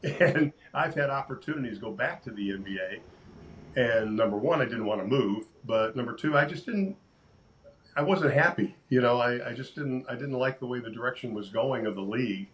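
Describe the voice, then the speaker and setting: An older sportscaster telling lively stories in a casual interview, acting out quotes and laughing often. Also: male voice, mid-range voice, moderate pace, low-quality recording. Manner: animated storyteller, acts out quotes, laughs often. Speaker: sportscaster guest.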